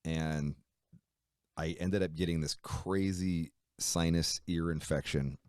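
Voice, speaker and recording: A man with a very deep voice tells a long story in a loose interview, swearing freely and acting out what people said. The sound is dry and close, with no room in it. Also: takes it slowly, clean tone, no echo. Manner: swears freely, animated storytelling with quoted dialogue. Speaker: musician guest.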